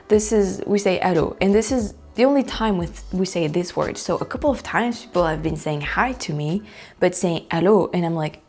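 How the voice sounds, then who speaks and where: A woman from France with a French accent, speaking English as a second language in a casual, animated vlog chat, full of likes and restarts. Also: fairly low pitch, moderate pace. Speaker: vlogger.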